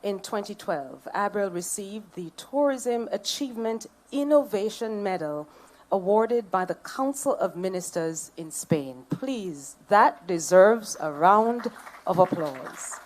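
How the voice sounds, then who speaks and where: A Jamaican woman emcees a formal ceremony from a podium microphone, her pitch sitting in an ordinary middle range. She moves between stately lists of dignitaries and playful asides to the crowd. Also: lively intonation, slow pace. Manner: playful, banters with the audience. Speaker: master of ceremonies.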